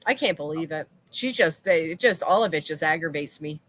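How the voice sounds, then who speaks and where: A woman's voice: low voice, lively intonation, fairly quick, a bit bright. A woman co-hosting a casual commentary chat, blunt and swearing freely as she reads out viewer comments. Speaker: co-host.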